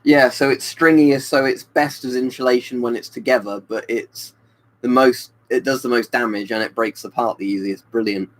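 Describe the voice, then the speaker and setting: A man's voice: mid-range voice, fairly even intonation, normal speed, rough recording. A man chatting casually on a webcam live stream, rambling and answering viewers by name. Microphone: webcam stream mic.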